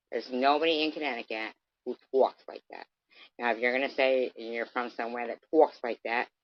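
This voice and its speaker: A woman's voice: a bass voice, no echo, muffled recording. Angry, profane woman ranting on a livestream. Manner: confrontational, profane, mocking. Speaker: vlogger.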